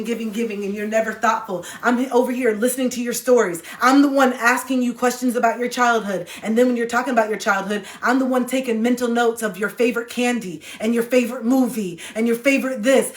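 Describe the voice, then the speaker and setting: A woman's voice: fairly high pitch, reverberant. A woman in her thirties chatting candidly on a phone livestream, emotional and heartfelt, rambling with restarts. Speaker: livestreamer and card reader.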